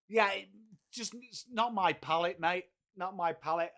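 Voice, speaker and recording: A man from Whitby, England, with a high, pushed and bright voice, talks a little slowly while hosting a laid-back live watchalong. He reads messages from viewers and keeps up laddish banter, swearing freely and saying "mate" all the time.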